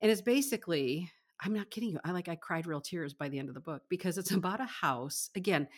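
A woman's voice: lowish voice, quick pace, husky. A woman co-hosting a casual book chat, effusive and rambling, laughing often. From Michigan, US. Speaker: podcast co-host.

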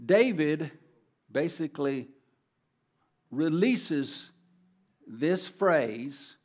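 A middle-aged man preaching a sermon as a guest speaker in church, emphatic and swinging between quiet and loud. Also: high-pitched, measured pace. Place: church sanctuary.

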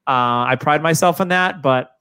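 A man's voice: on the high side, normal speed, pushed and bright, clear, resonant tone. A man from New Hampshire, a guest on a podcast, chatting casually and joking with some swearing. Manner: loose, joking, swears freely.

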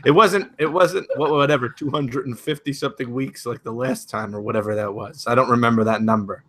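A man's voice: mid-range voice, fairly even intonation, brisk, fairly bright tone. A man, a priest, co-hosting a casual podcast in a playful, easygoing way.

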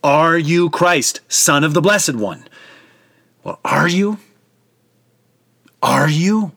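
A man playing a loud, imperious high priest. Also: lively intonation, slow pace, no room sound, clean studio sound. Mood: insistent. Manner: loud and demanding.

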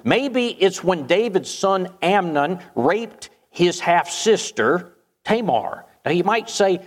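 A man's voice: high voice, animated, slow. A man preaching a sermon, retelling a story and asking the listeners questions. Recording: long hall reverb.

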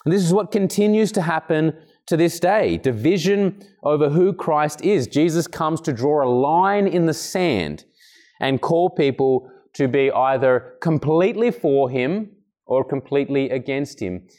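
A man preaching an expository sermon, earnest and emphatic, occasionally clearing his throat between points. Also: expressive, unhurried, darkish tone. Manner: earnest, emphatic, acts out quoted speakers with raised pitch.

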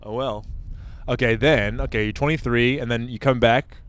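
A man's voice: mid-range voice, steady tone, moderate pace, a bit bright, smooth. A man hosting a podcast interview, recapping the guest's story and tossing in joking asides. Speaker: podcast host.

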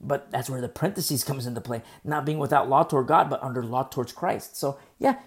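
A woman preacher works through a Bible chapter verse by verse, with a remarkably deep, low voice. She repeats her key phrases and checks in with rhetorical questions to drive each point home. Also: fairly quick. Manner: emphatic, rhetorical, repeats key phrases, asks "You see?".

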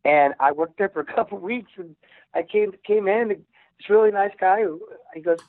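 A man's voice: high voice, fairly quick, no echo. A man who plays rock music, telling stories in a casual interview, rambling with many restarts. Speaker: musician guest. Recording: tinny phone line.

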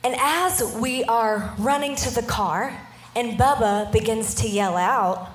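A woman in her thirties giving a storytelling sermon, animated and often checking in with her listeners. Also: fairly high pitch, takes it slowly, reverberant, slight background noise. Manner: animated, keeps checking in with the audience. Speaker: preacher.

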